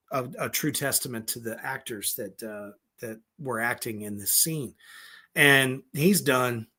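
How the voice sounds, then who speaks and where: A male horror review host who talks in an unhurried drawl and swears freely. He rambles, piles on fillers and breaks into laughter as he gushes over the films. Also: medium pitch. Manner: profane, excitable, rambling with many fillers; laughs often. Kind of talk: casual film review.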